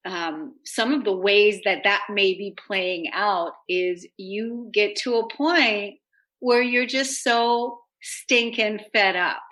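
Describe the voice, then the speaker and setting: A woman's voice: medium pitch, bright, forceful tone, poor audio. A woman hosting a talk radio show, speaking in an upbeat, earnest way in long flowing sentences about self-help.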